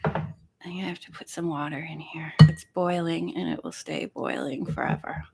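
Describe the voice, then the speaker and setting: A woman's voice: deep voice, fairly even intonation, moderate pace, creaky, very noisy. A woman hosting a casual live stream, chatting in a rambling way and counting pages aloud. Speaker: live-stream host reading a book.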